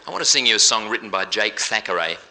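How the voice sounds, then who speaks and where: A man with an Australian accent telling jokes in a chatty, quick live stage comedy routine. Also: fairly low pitch, lively intonation, pushed and bright, a little hiss or hum. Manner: quick, chatty joke-telling with broad comic asides. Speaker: entertainer. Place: live theatre show.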